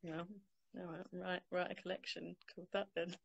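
Young woman host, casual live-stream chatter, lowish voice, phone mic at home. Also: level tone, normal speed, gravelly, breathy edge, dull audio. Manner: chatty, laughing, informal. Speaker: host of her book launch. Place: home, on a sofa.

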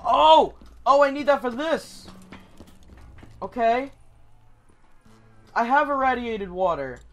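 A young man hosting a gaming channel, giving casual, excitable gameplay commentary and swearing when startled. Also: very high-pitched, takes it slowly.

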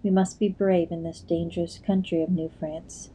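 An anxious noble mother, put on by a woman reader speaks earnestly, firm yet pleading. The voice sits low and very mellow, in a storybook telling. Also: little pitch movement, normal speed, a little hiss or hum, close to an everyday voice, poor audio.

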